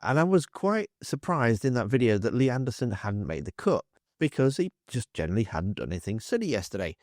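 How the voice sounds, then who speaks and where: Wry man with a lively voice. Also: medium pitch, brisk, no room sound, studio quality. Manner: wry, sarcastic storytelling with lively delivery. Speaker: political commentary channel host. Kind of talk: scripted political commentary.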